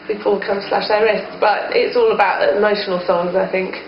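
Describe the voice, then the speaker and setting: A woman's voice: mid-range voice, fairly even intonation, fairly quick. A woman in a band, musing hesitantly in a casual interview and often saying "kind of". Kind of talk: casual chat. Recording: muffled, noisy, echoey old recording.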